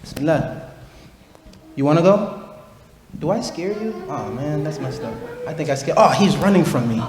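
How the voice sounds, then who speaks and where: A man teaching a tajweed workshop to students, encouraging and playful, demonstrating recitation slowly. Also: on the high side, lively intonation, over loud music. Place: large room with students. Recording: echoey hall, faint ambience.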